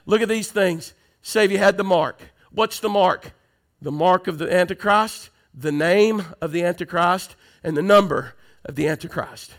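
A male pastor preaching a sermon, moving from conversational teaching to loud, emphatic preaching. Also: high voice, moderate pace.

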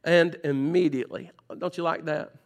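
A man preaching a sermon as pastor, swinging between loud urgent passages and soft, low pleading, repeating phrases for emphasis. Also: fairly even intonation, normal speed.

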